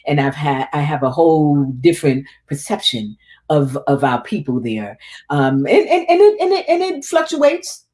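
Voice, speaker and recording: Low-voiced woman telling a story with feeling. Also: normal speed. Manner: animated, repeats words as she relives the story. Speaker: interview guest. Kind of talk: emotional personal storytelling.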